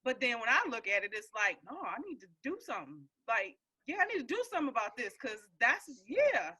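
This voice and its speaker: A woman's voice: fairly high pitch, sing-song, brisk, bright, forceful tone, slightly rough. A woman hosting a casual community call, emphatic and encouraging as she talks. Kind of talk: casual group call chat.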